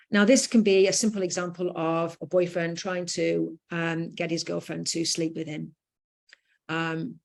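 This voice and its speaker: A woman's voice: on the low side, gravelly, darkish tone. Firm British woman giving a lecture. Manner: firm, emphatic, with fillers. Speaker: educator giving a talk.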